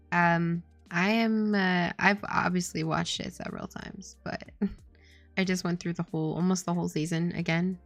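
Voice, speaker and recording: Chatting casually as she works on a game on stream, a woman rambles with lots of "like" and giggles. Her voice is lowish and creaky, and there's no echo.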